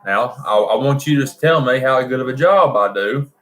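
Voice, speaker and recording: A man's voice: medium pitch, lively intonation, normal speed, a bit bright, roomy sound, poor audio. A man with a Southern US accent hosting a casual livestream, folksy and rambling as he reads viewer comments. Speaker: livestream host.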